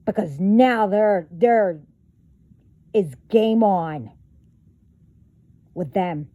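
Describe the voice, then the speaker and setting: A woman's voice: mid-range voice, extremely slow, dry recording, narrow, tinny audio. A woman vlogger delivering a profane, confrontational rant straight to her viewers. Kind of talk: angry rant to camera.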